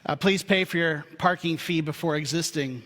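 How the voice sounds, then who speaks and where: A man's voice: a little high, normal speed, background noise. Man preaching a humorous, chatty sermon. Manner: humorous, conversational storytelling. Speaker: pastor. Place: church sanctuary. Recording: reverberant church hall.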